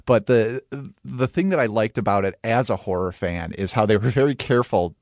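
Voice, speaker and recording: A man's voice: fairly low pitch, lively intonation, fairly quick, no room sound, clean studio sound. A middle-aged man co-hosting a film review show. He chats casually and with enthusiasm, laughing often. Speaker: film critic co-host.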